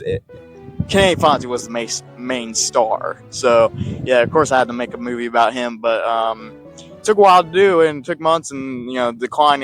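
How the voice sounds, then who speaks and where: A man's voice: mid-range voice, a bit bright, rough recording. Rambling man, faint music behind. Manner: rambling, halting, lots of restarts and asides. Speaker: video creator looking back on his channel. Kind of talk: casual rambling retrospective.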